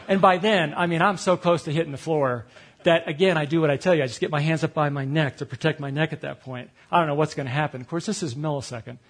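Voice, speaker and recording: A man giving a sermon, telling a story about himself with animated delivery, acting out quoted lines and laughing at his own mistakes. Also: fairly high pitch, fast talker. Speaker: speaker at a retreat.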